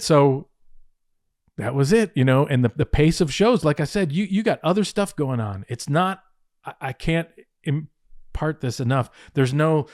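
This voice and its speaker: A man telling backstage stories in a casual interview, animated, acting out other people's lines, swearing and laughing often. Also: fairly high pitch, moderate pace, no echo, studio quality. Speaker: former wrestling head writer telling stories.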